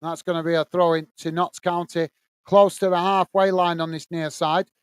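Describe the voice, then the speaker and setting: Man, high and smooth, dry close mic, casual fan match commentary host. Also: flat delivery, normal speed, dry recording. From England. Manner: casual, reads viewer messages between play-by-play. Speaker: watch-along host. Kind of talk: live fan commentary and chat reading.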